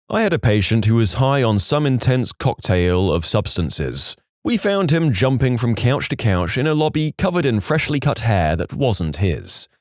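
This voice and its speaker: A man's voice: on the low side, dry recording, clean studio sound. A man narrating submitted stories in a scripted storytime style, wry, with joking asides between stories.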